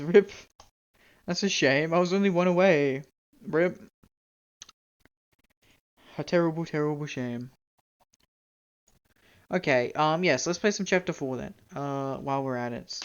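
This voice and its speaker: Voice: mid-range voice, unhurried, long pauses, lo-fi sound. A young-adult game streamer from Canada, chatting casually, rambling, self-mocking and swearing freely. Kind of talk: casual live-stream chat.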